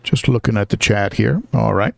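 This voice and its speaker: A man's voice: on the low side, moderate pace, creaky, no room sound. An older man hosting a casual live stream, chatty, with lots of fillers and restarts while greeting viewers.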